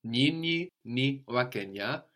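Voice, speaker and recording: A man teaching a language lesson, patiently drilling words, repeating a learner's answers slowly and praising them. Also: medium pitch, animated, fairly bright tone.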